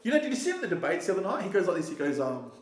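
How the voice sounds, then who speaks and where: A man's voice: sits high, sing-song, racing. A man talking casually and at length, rambling, swearing often and restarting his sentences. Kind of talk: casual conversation. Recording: echoey roomy sound.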